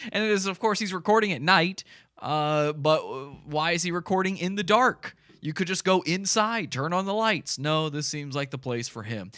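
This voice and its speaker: Sarcastic podcast host with bright voice. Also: male voice, on the high side, clear, resonant tone, dry recording, studio quality. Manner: sarcastic, laughing, describes video for listeners. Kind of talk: mocking commentary.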